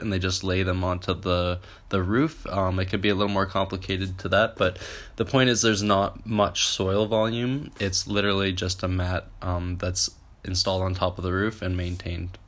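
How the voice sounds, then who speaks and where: A man's voice: deep voice, fairly bright tone. A man hosting an advice podcast, talking casually with fillers and self-corrections while getting over a cold. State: recovering from a cold. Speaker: podcast host.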